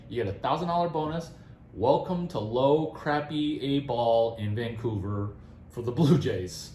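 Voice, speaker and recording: A man giving career advice in a rambling, animated casual talk, often laughing and restarting his sentences. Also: on the high side, measured pace, echoey room, a little hiss or hum, poor audio.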